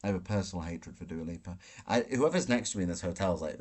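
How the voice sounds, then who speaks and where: A brash man rants through a live Q&A stream, swearing freely as he fires back at chat questions. His voice sits a little low for a man. He streams from a hotel room. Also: animated, fast, few pauses, darkish tone, husky. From Britain. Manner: brash, profane ranting. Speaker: livestream host.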